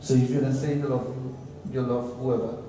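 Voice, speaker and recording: A man's voice: medium pitch, little pitch movement, brisk, noisy background. A man leading a temple sermon, telling a story and explaining verses line by line in plain English. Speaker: pandit. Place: temple hall. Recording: roomy echoey hall, far from the mic.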